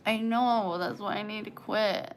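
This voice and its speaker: A woman's voice: medium pitch, fairly even intonation, a little slow, slight background noise. A woman in her forties chatting casually on a livestream, greeting viewers and reading their comments aloud. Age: 40s. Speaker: livestream host.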